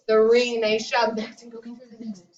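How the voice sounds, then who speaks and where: A woman's voice: a little high, monotone, measured pace, a little mellow. A woman teaching a classroom math lesson to young children, leading them in sing-song call-and-response. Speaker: kindergarten teacher. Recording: roomy, distant, dull classroom recording.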